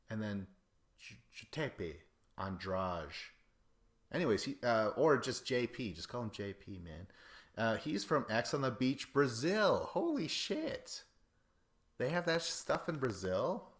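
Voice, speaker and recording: A man hosting a podcast, rambling casually about reality show contestants with lots of swearing and excitable asides. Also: on the low side. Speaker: podcast host.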